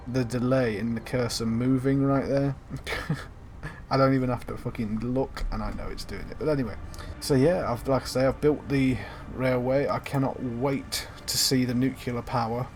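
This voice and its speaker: A young man chatting casually while he plays a video game. His talk rambles along with lots of ums and a few swear words, in a middle-pitched voice. Faint noise sits behind him. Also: a little mellow. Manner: rambling, filler-heavy, sweary. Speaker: gaming channel host. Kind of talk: casual gameplay commentary.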